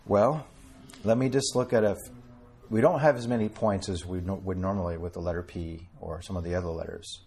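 A man's voice: deep voice, a little fast, darkish tone. A man preaching an informal sermon to a small group, talking conversationally, addressing listeners by name and reading scripture in old-fashioned wording.

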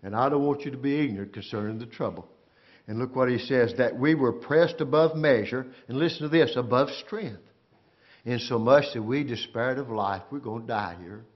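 A man preaching a sermon, swinging from loud, drawn-out cries down to hushed, quiet lines as he speaks to his congregation. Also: mid-range voice, highs cut off. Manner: swings from shouting to near-whisper, calls out to the congregation.

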